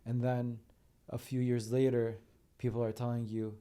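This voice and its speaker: A man's voice: medium pitch, flat delivery, normal speed, dark tone. A man hosting a podcast, talking in a reflective, encouraging way. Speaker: podcast host. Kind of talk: conversational podcast interview.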